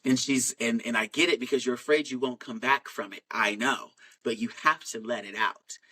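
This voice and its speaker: A man's voice: mid-range voice, fairly even intonation, normal speed, sharp tone, poor audio. A man telling a personal story in a frank, rambling way, with many fillers and restarts.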